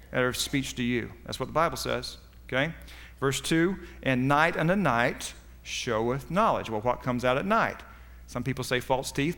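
A man's voice: medium pitch, a bit bright, long reverb tail. A man preaching a sermon as pastor, with a folksy, joking delivery that rises for punchlines.

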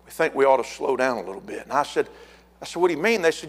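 A middle-aged man preaching a fiery sermon as pastor, building to shouted repeated words. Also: mid-range voice, lively intonation, fast, husky.

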